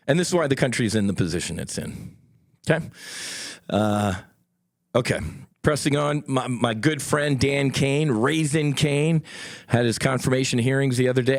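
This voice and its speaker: A man's voice: on the low side, no room sound. A middle-aged man, a former fighter pilot, hosting a solo podcast in a studio, talking in a blunt, combative and profane way with folksy asides to his listeners.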